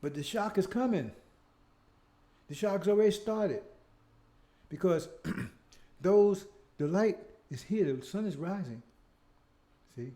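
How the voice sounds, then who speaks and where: A man's voice: high-pitched, animated, slow, pauses often, mellow. A man preaching a monologue who talks with heavy emphasis, repeats himself and keeps asking "See?". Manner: emphatic, repetitive, asks "See?" often; rhetorical questions and mocking asides. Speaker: speaker leading his own show.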